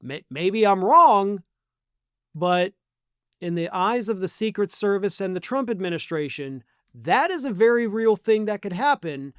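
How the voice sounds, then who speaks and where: A man's voice: high voice, animated, measured pace, clean tone, no echo, clean studio sound. Sarcastic male political commentary host. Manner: sarcastic, mocking, acts out quotes.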